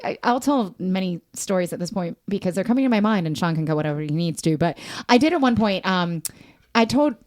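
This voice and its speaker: A woman psychologist chatting casually on a podcast, telling stories with frequent laughs and restarts. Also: mid-range voice. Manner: storytelling, laughs often, restarts. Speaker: psychologist guest.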